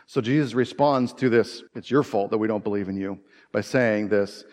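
A man's voice: fairly low pitch, normal speed, darkish tone. A man preaching a sermon in a casual, conversational way, with humorous asides and repeated phrases. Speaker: pastor. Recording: long reverb.

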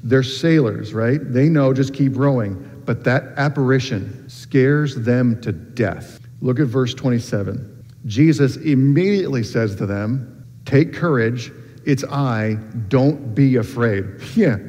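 A man preaching a sermon in a relaxed, conversational way, with frequent ums and restarts. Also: medium pitch, takes it slowly. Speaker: pastor. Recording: dull sound with long reverb in a hall.

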